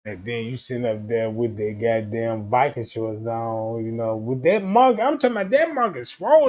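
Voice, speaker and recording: A man hosting a livestream, ranting crudely and loudly for laughs. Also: fairly high pitch, normal speed, lo-fi sound. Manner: loud, animated, profane, often laughing. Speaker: livestream host. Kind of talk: crude comedic rant.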